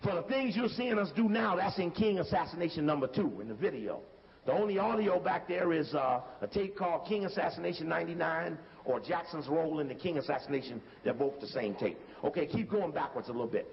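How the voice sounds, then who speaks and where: A man's voice: on the high side, expressive, fairly quick. A man lecturing with commentary over video footage, emphatic and conversational, often repeating himself. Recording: dull recording from a hall with faint hiss.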